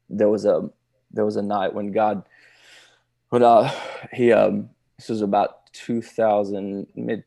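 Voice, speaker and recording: A man, a pastor telling his personal testimony in casual conversation, halting with many restarts and laughing now and then. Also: on the low side, creaky, warm tone, breathy edge.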